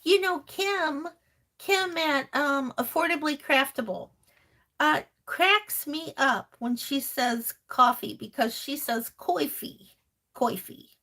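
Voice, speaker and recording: High-voiced chatty woman hosting a live stream. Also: slow pace, pushed and bright. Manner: chatty, affectionate, calls viewers honey and sweetheart; laughs often. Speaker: crafting channel host. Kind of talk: live-stream chat, reading viewer comments.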